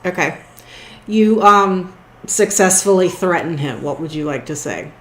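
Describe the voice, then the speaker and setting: A woman narrating as game master of a tabletop game, slow and hesitant with fillers. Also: lowish voice, lively intonation. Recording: roomy echo.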